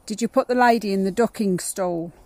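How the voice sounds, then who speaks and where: A woman's voice: mid-range voice, brisk, darkish tone, dry recording. A woman on a paranormal investigation, asking spirits direct questions outdoors in a woodland graveyard.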